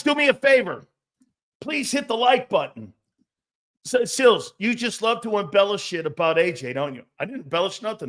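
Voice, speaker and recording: A middle-aged man hosts a sports talk show with a fairly high voice. He talks bluntly and swears freely. He rants, reads out comments and mocks others. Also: fairly bright tone. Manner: blunt, profane, mocking put-on voices.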